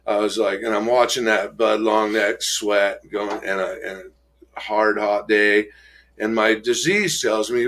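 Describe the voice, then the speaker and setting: Middle-aged man, low voice, halting and emotional, restarts often, raises his voice for quoted people. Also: steady tone, a bit bright. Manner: halting and emotional, many restarts and trailing pauses. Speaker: guest telling his recovery story. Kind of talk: personal storytelling.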